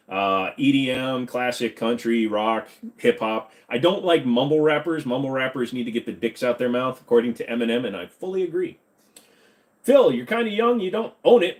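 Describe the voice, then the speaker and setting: A man in his forties hosting a casual live-stream Q&A at his computer desk, reading comments aloud and joking and teasing. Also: medium pitch. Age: 40s.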